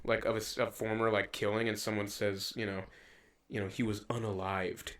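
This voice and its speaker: A young man co-hosting a podcast, chatting casually and rambling with lots of swearing, getting animated when he quotes people. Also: fairly low pitch, fairly quick. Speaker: podcast co-host. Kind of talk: casual chat.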